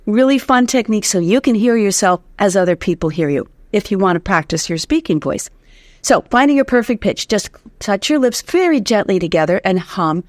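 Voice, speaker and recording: In a fairly quick, mid-range voice with lively intonation, an American woman voice teacher gives vocal tips as an interview guest, humming examples and laughing readily. The recording is dry.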